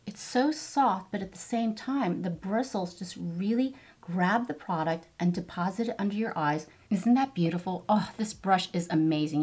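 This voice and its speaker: A woman's voice: on the low side, a little mellow, slightly rough. A woman in her fifties doing a get-ready-with-me makeup tutorial, gushing enthusiastically over each product as she applies it. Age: 50s. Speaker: beauty vlogger.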